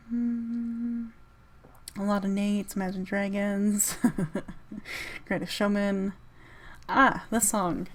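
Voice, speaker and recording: A woman's voice: medium pitch, darkish tone. A woman hosting a casual solo podcast, rambling as she reads through her playlist and spells out artist names. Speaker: podcast host.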